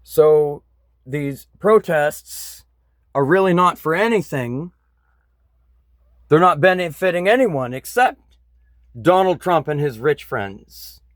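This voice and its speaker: Slow-talking, angry man ranting. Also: fairly high pitch, lively intonation, dry recording. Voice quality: blunt, frequent swearing, bitter. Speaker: vlogger. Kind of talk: angry political rant.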